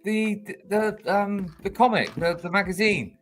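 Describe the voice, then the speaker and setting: Slightly higher voiced guy rambling with lots of ums, soft music in the back. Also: unhurried. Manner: rambling, hesitant, many fillers. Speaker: co-host. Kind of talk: casual chat.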